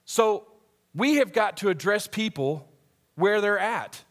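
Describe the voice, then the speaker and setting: A man's voice: sits high, animated. A young male camp director preaching a conversational sermon, asking the audience questions and reading scripture aloud. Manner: reads scripture aloud at a quicker pace. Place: church hall before a live audience.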